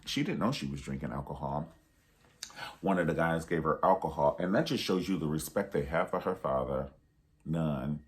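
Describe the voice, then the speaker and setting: A sassy man talks through a movie review in a loose, emphatic monologue. His voice sits very low, and he leans on repetition and playful pet names to drive his points home. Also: normal speed.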